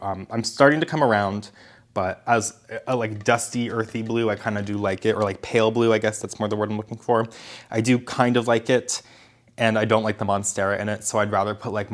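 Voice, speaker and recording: A man chatting casually to camera at home about his houseplants, rambling and correcting himself as he goes. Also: fairly low pitch. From Philadelphia area. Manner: rambling and self-correcting, with small laughs. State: out of breath. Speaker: plant vlogger. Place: home apartment indoors.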